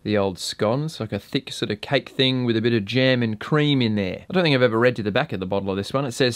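A man's voice: medium pitch, fast talker, hardly any pauses, dry recording. An Australian man casually reviewing gear and beer on his own channel, laid-back and swearing freely.

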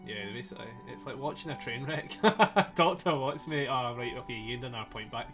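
Playing a story game live, this man chats casually and jokes with his viewers, laughing a lot and cursing without restraint. His medium-pitched voice moves a little fast and sounds somewhat strained, with the game's soundtrack faintly audible behind him.

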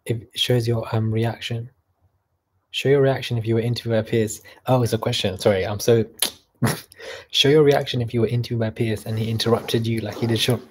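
A man's voice: mid-range voice, fairly even intonation, brisk, darkish tone, slight background noise. A young man from Canada hosting a casual livestream, reading chat messages aloud and mocking people in a chatty way.

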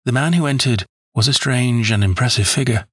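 A man narrating a classic story in the first person, in an even, measured way. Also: medium pitch, slightly rough, no echo, studio quality. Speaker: audiobook narrator.

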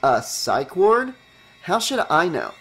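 A man's voice: sits high, very animated, slow pace, a bit bright, breathy edge, faint music behind, voice pushed up, heavily acted. A man voicing a snarky, scornful teenage girl in an audiobook reading. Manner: mocking, disdainful.

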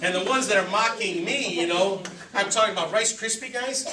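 A man with a high voice speaks a little fast, with a crowd audible behind him. He is a recovery speaker giving a joking, storytelling talk to a meeting, direct and humorous, acting out quotes and his own inner voice. The recording sounds like it was made from a distance in an echoey room.

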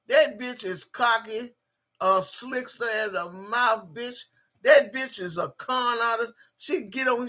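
A woman's voice: a little high, bright, forceful tone. A woman hosting a livestream, ranting in a profane, combative, repetitive way and reading out viewer chat. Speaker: livestream host. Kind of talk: angry livestream rant.

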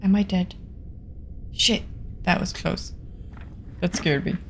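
Slow, gravelly Finnish woman streamer. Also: lowish voice, a little hiss or hum. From Finland. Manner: chatty, jumpy, drops to whispers. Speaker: game streamer. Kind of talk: live-stream horror game commentary. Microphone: desktop studio mic.

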